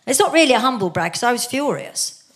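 Middle-aged woman, lively storyteller, laughs often, relaxed stage chat. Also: fairly high pitch, quick pace. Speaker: podcast guest. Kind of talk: casual chat. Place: theatre stage before an audience.

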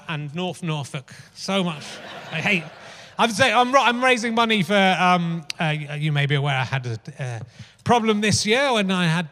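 A man's voice: high voice, pushed and bright. A man in his fifties hosting a comedy podcast live on stage, rambling through anecdotes in a chatty, swearing stand-up manner. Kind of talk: live stand-up style monologue. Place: theatre stage before a live audience. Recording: live theatre with hall reverb.

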